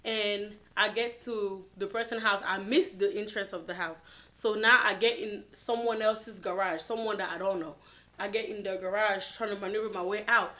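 A vlogger with a bright, forceful, medium-pitched voice shares a story with her audience at a moderate pace. Her delivery is animated and laid-back, full of filler words, much like an easygoing chat to camera.

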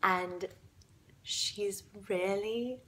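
A woman's voice: medium pitch, fairly even intonation, extremely slow, pushed and bright. A woman playing a bratty, giggling Veruca Salt. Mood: giddy cackling. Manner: giggly and mocking, breaks into laughter, drops to sly whispers. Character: spoiled, spiteful young woman gloating over a rival. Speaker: actor auditioning. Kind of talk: audition monologue.

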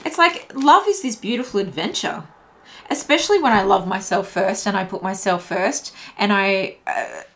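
A woman's voice: medium pitch, lively intonation, moderate pace, fairly bright tone. Woman musing through a tarot reading. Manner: musing, thinking aloud, repeats phrases. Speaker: tarot reader. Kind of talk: casual tarot reading to camera.

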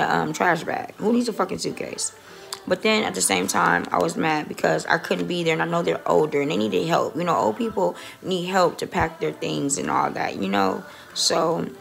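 Woman vlogger, low gravelly voice, rambling, foul-mouthed, phone mic, faint music. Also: fairly bright tone. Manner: chatty and rambling, swears often. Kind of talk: casual phone vlog. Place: dentist office. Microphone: phone held close.

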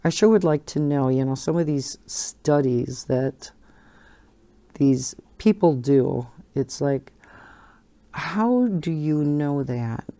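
Chatty low-voiced woman host. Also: animated, slow pace, warm tone. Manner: chatty, rambling, laughs often. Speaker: coloring channel host. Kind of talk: casual chat while coloring.

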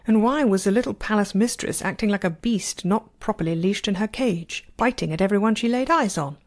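A woman narrates a novel as an amateur audiobook reader. She reads expressively, speeding up and slowing down with the action. Her voice is mid-pitched and plain.

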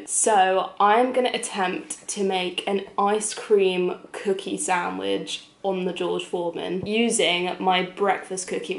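A young woman with a London accent, chatting casually to camera in a cooking vlog, animated and full of quick asides. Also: medium pitch, vocal fry. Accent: London English. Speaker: vlogger.

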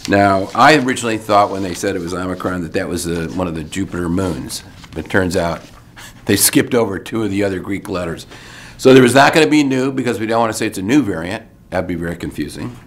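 An older man with a somewhat low voice talks through a weekly briefing in a relaxed, conversational way. He drops in wry asides, and his sentences often restart. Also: a little hiss or hum. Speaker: medical school leader giving a weekly video update. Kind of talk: informal spoken briefing.

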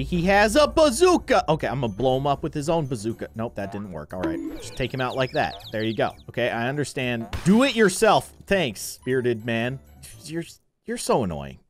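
A man hosting a gaming video, giving playful, joking commentary as he plays. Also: medium pitch. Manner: animated, joking, mock-annoyed.

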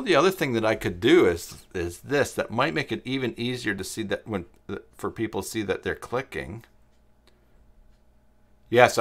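A man hosting a live-stream web design tutorial, thinking aloud as he works and answering chat viewers, halting often with pauses and fillers. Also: medium pitch, fairly bright tone. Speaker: tutorial host.

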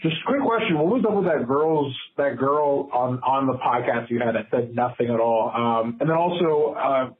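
A man's voice: medium pitch, expressive, normal speed, hardly any pauses. A man leaving a voicemail, speaking hesitantly with many fillers. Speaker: voicemail caller. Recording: tinny phone line with faint hiss.

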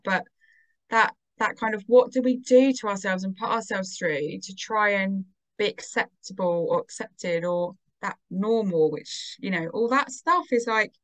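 A woman as a podcast guest, talking in a casual, animated way and acting out her own inner dialogue. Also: mid-range voice. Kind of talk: casual conversation.

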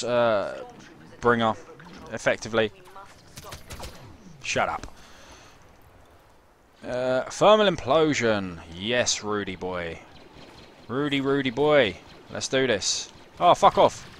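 A man's voice: medium pitch, fairly bright tone. A young man streaming a game, chatting casually and swearing as he reads chat and plays. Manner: sweary, jokey banter with chat. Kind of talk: casual gameplay commentary.

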